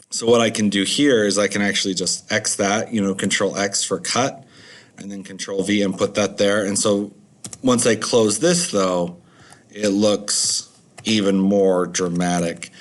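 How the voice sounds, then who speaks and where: A man teaching a recorded video lesson, chatty and rambling with many fillers. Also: lowish voice.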